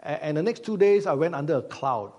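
A man's voice: a little high, lively intonation, fairly quick, dark tone. A man preaching a sermon as pastor, conversational, with many fillers and repeated rhetorical questions. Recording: long hall reverb.

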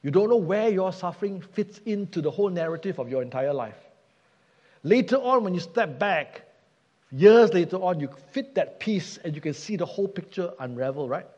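A man's voice: sits high, animated, moderate pace, warm tone. A man preaching a sermon, earnest and emphatic, asking rhetorical questions. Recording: dull sound with long hall reverb.

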